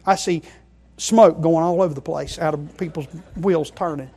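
A man preaching a sermon, emphatic, moving between quiet asides and loud stressed phrases and often checking in with the congregation. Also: on the high side, moderate pace, slightly rough. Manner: emphatic, keeps checking in with "okay?".

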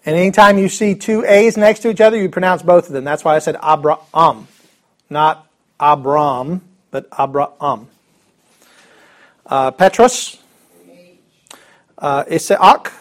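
A man's voice: high voice, a little slow, long pauses. A man teaching a Greek alphabet class in a classroom, upbeat and chatty with joking asides. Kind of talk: classroom lesson.

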